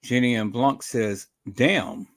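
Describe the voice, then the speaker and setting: Slow-talking man hosting a live stream. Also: medium pitch, vocal fry. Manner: repetitive, addresses viewers as "peoples"; greets chat viewers by name.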